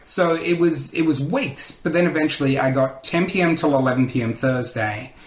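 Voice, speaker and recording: Man, thirties, animated storyteller, roomy room sound. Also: fairly high pitch, moderate pace. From Australia. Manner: animated storyteller who acts out quotes. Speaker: comedian and radio host, podcast guest. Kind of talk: casual interview storytelling.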